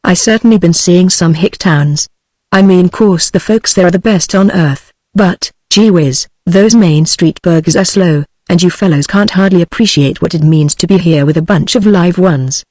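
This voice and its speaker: A woman's voice: on the low side, normal speed, dry recording, lightly acted. A synthetic British woman reading a chuckling male poet. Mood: amused. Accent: British English. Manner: flat synthetic delivery of dialogue. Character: chuckling male poet back from a lecture tour.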